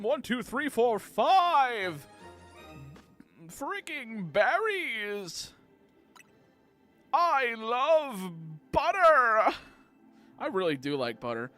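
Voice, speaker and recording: A tipsy male gaming streamer chatting casually, rambling and cracking crude jokes. His voice sits a little high and swings in pitch a lot, with faint music playing underneath. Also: a bit bright. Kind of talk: casual livestream chat while playing.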